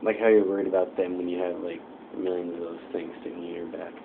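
A man's voice: low-pitched, flat delivery, fast. A young man giving casual, joking commentary over a video game and talking back to its characters. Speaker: gameplay commentator. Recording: tinny lo-fi mic with faint hiss.

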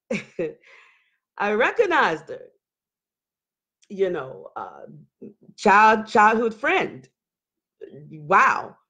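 A woman hosting a live talk show, telling a personal story casually to her audience and acting out what others said, often laughing. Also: fairly high pitch. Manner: animated, acts out quotes of others, laughs often.

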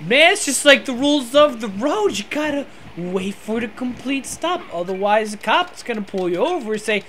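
A man with a high, boyish voice giving sarcastic, bossy, swearing commentary while his friend plays a video game. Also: big pitch swings, normal speed, few pauses, sharp tone, soft background music. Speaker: co-host watching and backseat-directing. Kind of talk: casual gameplay commentary.

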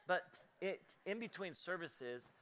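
A man's voice: sits high, lively intonation, unhurried, a bit bright. A male pastor preaching a live sermon in a church, telling stories in a loose conversational way with laughing asides. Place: church auditorium, live service.

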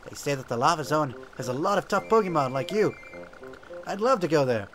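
A man's voice: fairly high pitch, expressive, fairly quick, fairly bright tone. A man voicing a small, eager male fire monkey from a game, brash and challenging.

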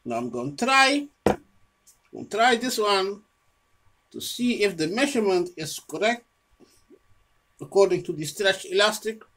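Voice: medium pitch, sing-song, unhurried, long pauses, a bit bright. A person giving a rambling unscripted monologue about their own research, often repeating words and restarting phrases, and scolding an imagined listener. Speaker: home video presenter showing own research.

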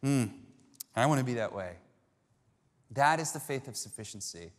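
A male pastor preaching a sermon, animated storytelling that acts out the voices of characters. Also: mid-range voice, moderate pace. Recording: long reverb of a large hall.

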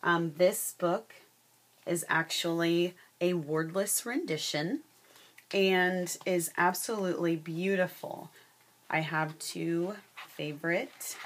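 Slow, low-voiced woman presenting to a class. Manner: unhurried, with many fillers. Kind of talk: class presentation and read-aloud.

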